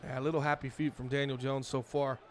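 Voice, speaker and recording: A man's voice: medium pitch, level tone, fast talker, background noise. A man casually commentating his own football video game on a live stream, chatting play by play like a fan of his team. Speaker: streamer playing a football franchise mode. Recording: game music playing behind voice. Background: video game music and sounds.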